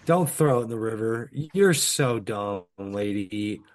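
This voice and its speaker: A man's voice: fairly low pitch, lively intonation, a little slow, a little hiss or hum. A man co-hosting a podcast, making blunt wisecracks during a casual watch-along commentary. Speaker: podcast co-host.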